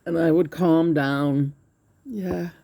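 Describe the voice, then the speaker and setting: A woman hosting her own channel, telling a spiritual story in a rambling, halting way, restarting her sentences and swearing. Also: low voice, steady tone, creaky, mellow, slight background noise. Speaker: channel host. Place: indoors at home.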